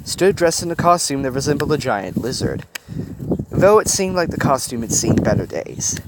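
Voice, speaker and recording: A man reading a story aloud on a handheld recorder while walking a dog outdoors, expressive with casual asides. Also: medium pitch, normal speed. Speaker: fan fiction reader. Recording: loud outdoor background noise.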